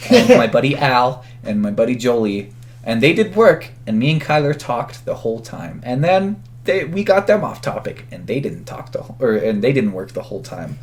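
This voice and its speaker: A man's voice: medium pitch, moderate pace, a little hiss or hum. A young man co-hosting a podcast, casually telling a school story and acting out its people. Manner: animated storyteller, acts out the people in his story. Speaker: podcast co-host.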